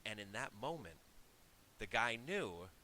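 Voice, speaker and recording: Bright-voiced male podcast co-host. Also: lowish voice, big pitch swings, a little slow, a little hiss or hum. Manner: storytelling, chatty with restarts. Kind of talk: casual chat.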